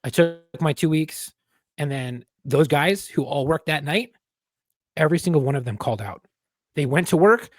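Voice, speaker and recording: A man with a voice on the higher side talks in a loose, casual podcast conversation. He is a former police officer who tells stories bluntly and swears a lot. The sound is close and dry, with no room echo. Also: lively intonation, normal speed. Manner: blunt, profane storytelling.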